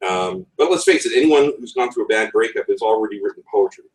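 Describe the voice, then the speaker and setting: A man gives a talk on writing at a conference, his pitch rising and falling a lot as he slips in wry asides. He sounds roomy and set back from the mic, like a speaker heard across a meeting room. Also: lively intonation, fast, far from the mic. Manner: wry asides, talks with a chuckle. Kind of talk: presentation on writing.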